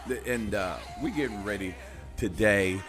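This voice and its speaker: A man's voice: lowish voice, normal speed, music in the background. A man hosting a talk radio show in a loose, joking, slangy way.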